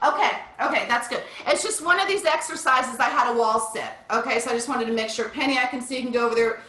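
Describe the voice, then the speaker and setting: Upbeat woman trainer, fairly high, crisp bright tone, distant echoey video-call sound. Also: fast talker. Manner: upbeat, encouraging, counts down reps. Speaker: fitness instructor. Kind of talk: leading a live online workout class. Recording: echoey room, distant from mic.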